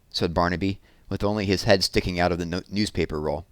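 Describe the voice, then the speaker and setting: Deep-voiced man reading a picture book. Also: fairly even intonation, brisk, clear, resonant tone, no echo. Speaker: storybook reader.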